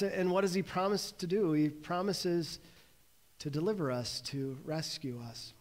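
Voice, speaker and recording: A male pastor giving a sermon, earnest and measured, slowing and pausing on key words. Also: high voice. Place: church sanctuary.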